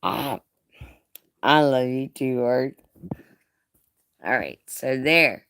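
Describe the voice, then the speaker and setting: A woman's voice: very deep voice, animated, very slow, fairly bright tone. A woman chatting casually on a live stream, showing off jewelry, teasing her viewers and laughing with folksy slang.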